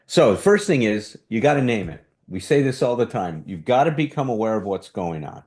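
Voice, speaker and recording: A man's voice: fairly low pitch, big pitch swings, fairly quick, darkish tone. A man teaching a relationship workshop in a conversational way, sometimes acting out what defensive speech sounds like. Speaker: workshop leader.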